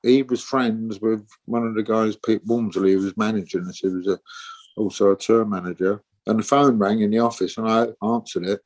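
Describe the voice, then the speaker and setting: A man's voice: lowish voice, steady tone, normal speed, a little mellow. A man in his sixties, a musician guest telling rambling stories and acting out the voices of people he quotes. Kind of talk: casual interview storytelling.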